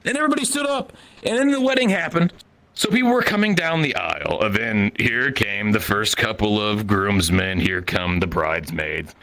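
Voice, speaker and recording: A man's voice: on the low side, normal speed, sharp tone. A man telling a crude, profane story as a stand-up comedian, from the Midwest United States.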